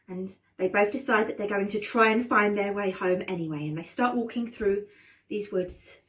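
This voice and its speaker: A woman drama teacher telling a children's story with animated expression and dramatic gasps, prompting her class to join in. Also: a little high, recorded from a distance.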